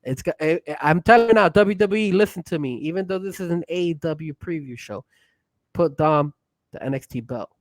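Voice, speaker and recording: An excitable man co-hosting a casual podcast, pushing his point hard and getting loud when he gets worked up. His voice sits a bit high for a man. The sound is dry and close, with no room behind it. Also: fairly quick, no echo. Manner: excitable, pushy, raises voice when hyped. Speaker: co-host. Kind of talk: casual wrestling podcast chat.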